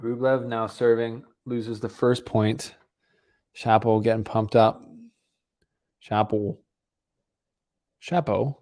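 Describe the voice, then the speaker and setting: A man's voice: mid-range voice, flat delivery, slow pace, a little mellow. A man hosting a live tennis watch-along stream, giving casual, rambling commentary and chatting with viewers. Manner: casual, rambling, talks to chat. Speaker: stream host. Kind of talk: live match commentary and chat.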